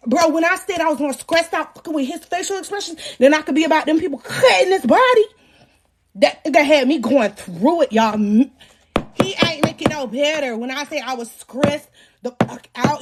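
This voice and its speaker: Animated young woman telling a wild story. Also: sits high, moderate pace. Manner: animated, profane, self-mocking, acts out voices. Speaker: vlogger. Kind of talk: casual storytelling to viewers.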